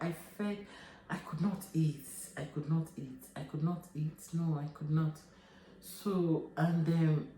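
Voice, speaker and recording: Nigerian woman in her 30s, emotional vlogger, low mellow voice, halting and repetitive, roomy echo. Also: slight background noise. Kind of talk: emotional personal vlog.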